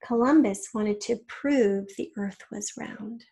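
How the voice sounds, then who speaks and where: A woman teacher reads out a children's spelling test at a slow, unhurried pace, putting every word into an example sentence. Her voice is husky, with a gravelly fry at the ends of phrases, and she gives patient spelling hints between words. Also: medium pitch, mellow.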